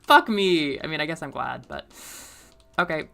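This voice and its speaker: Young woman streamer with a low voice, a rambling talker who laughs a lot and spikes loud when something excites her. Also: moderate pace, gravelly, faint music behind. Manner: rambling and chatty, laughs often, volume jumps when excited. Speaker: streamer and middle school teacher. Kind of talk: casual chat while playing a game.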